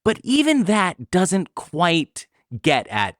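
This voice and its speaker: A man's voice: sits high, takes it slowly, no room sound, studio quality. A man co-hosting a podcast, talking casually and argumentatively about a film, often restarting his sentences. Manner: animated, argumentative, stammers on restarts. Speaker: podcast co-host.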